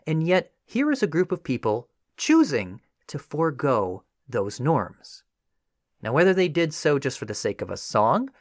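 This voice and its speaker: Lively conversational male podcast host. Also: fairly high pitch, no echo, studio quality. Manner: conversational, animated, with frequent "you know" asides. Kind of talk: scripted history podcast narration.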